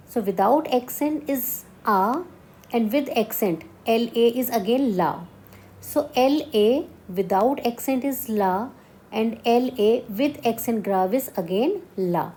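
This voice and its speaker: Lady teaching french basics, slow and patient, a bit high-pitched, keeps asking "okay?". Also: mellow, a little hiss or hum. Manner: checks understanding with repeated "okay?" and "understood?". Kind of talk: slow step-by-step classroom explanation.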